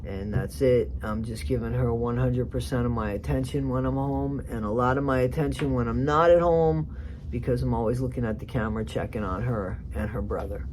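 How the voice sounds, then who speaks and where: A woman's voice: rumbling low, brisk, a little mellow, slight background noise. A woman giving casual, rambling commentary on a TV clip, chatty with sarcastic asides. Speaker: commentary vlogger.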